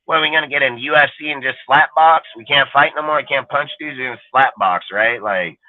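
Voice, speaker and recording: A man's voice: mid-range voice, quick pace, no echo. A man ranting in casual talk, blunt and profane, leaning on "dude" and "like" as he talks. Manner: blunt, heavy swearing, repeats "dude" and "like". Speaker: podcast co-host. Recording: tinny phone-line sound, dry.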